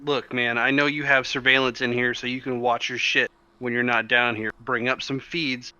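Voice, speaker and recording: Forceful man with a bright voice, lo-fi. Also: mid-range voice, little pitch movement, normal speed, no room sound. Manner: blunt, forceful, describing his actions. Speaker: player. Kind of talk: casual tabletop play.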